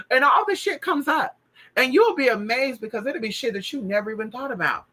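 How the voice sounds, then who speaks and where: Sassy woman, bright husky voice, casual profane spiritual storytelling. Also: on the high side, expressive, a little fast, low-quality recording. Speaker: spiritual practitioner.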